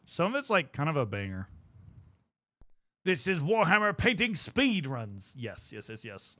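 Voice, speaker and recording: A man's voice: on the high side, wildly swooping pitch, a little slow, a bit bright, no echo. A young man chatting casually on a livestream while painting miniatures, rambling and swearing freely as he talks to his viewers. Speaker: streamer.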